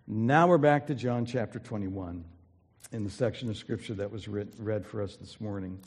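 A man's voice: fairly low pitch, moderate pace, darkish tone, slightly rough. A man preaching a sermon as pastor, earnest and emphatic, building energy as he retells a story, recorded in a church sanctuary. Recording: long reverb of a large hall.

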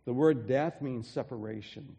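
A pastor preaching a sermon in an earnest way, often restarting phrases and dropping softly for emphasis. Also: male voice, mid-range voice, normal speed, creaky, breathy edge, long reverb tail. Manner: earnest, with frequent restarts and soft drops for emphasis.

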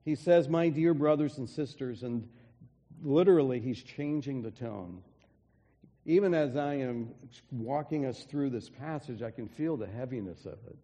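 A pastor preaching a sermon in an earnest way, often restarting phrases and dropping softly for emphasis. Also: male voice, medium pitch, moderate pace, long reverb tail. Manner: earnest, with frequent restarts and soft drops for emphasis.

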